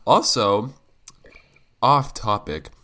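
A man's voice: lowish voice, animated, extremely slow, sharp tone. A sick young man co-hosting a casual podcast chat, playful and emphatic, with audible breaths into the microphone. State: sick, congested. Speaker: podcast co-host.

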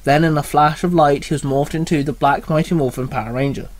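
A man narrates a fan story with a slightly raised voice. He reads steadily and clearly. The delivery is plain storytelling. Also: a little high, steady tone, fairly quick, no room sound.

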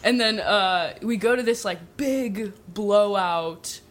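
Giggly woman storyteller, chatty, filler-heavy, mid-pitched. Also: slow, slight background noise. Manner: giggly, peppered with "like", lively asides. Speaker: guest storyteller. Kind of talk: comic personal storytelling.

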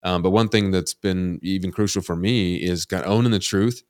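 A man's voice: low-pitched, steady tone, normal speed, darkish tone, smooth, dry recording, studio quality. A man hosting a podcast, talking candidly and rambling, with many fillers like "like" and "you know". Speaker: podcast host. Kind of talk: casual podcast interview.

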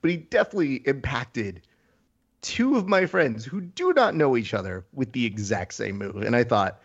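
A man's voice: medium pitch, big pitch swings, normal speed, husky. A man co-hosting a casual podcast chat, telling stories in a wry, emphatic way. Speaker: podcast co-host. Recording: dull lo-fi sound.

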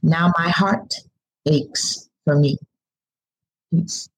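A woman poet reciting spoken word poetry with measured, deliberate delivery, and talking casually about her writing. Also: lowish voice, fairly even intonation, a little mellow, breathy edge, rough recording. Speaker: poet guest.

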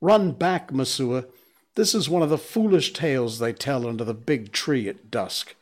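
A man's voice: medium pitch, animated, moderate pace, natural voice. A man voicing a defiant young boy raised by wolves, proud and scornful.

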